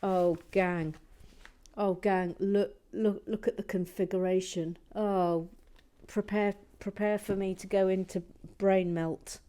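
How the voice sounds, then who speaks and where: Slow mellow lady vlogging a lego build, mutters and whispers while she works. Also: mid-range voice, fairly even intonation, clear, resonant tone. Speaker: vlog host building Lego. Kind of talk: casual build commentary.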